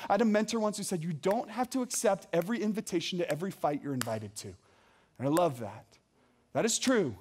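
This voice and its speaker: A young adult man preaching a sermon as a pastor, earnest and emphatic, with many rhetorical questions. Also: high-pitched.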